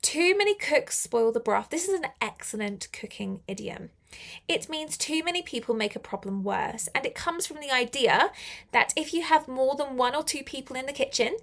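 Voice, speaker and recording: Upbeat woman teaching English with some vocal fry. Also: sits high, expressive, moderate pace, a bit bright. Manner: upbeat, chatty, laughs often. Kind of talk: live-streamed English lesson.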